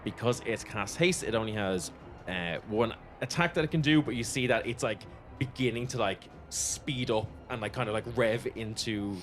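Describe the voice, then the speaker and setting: A man narrating as game master, relaxed and rambling with fillers. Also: fairly low pitch, normal speed, faint music behind.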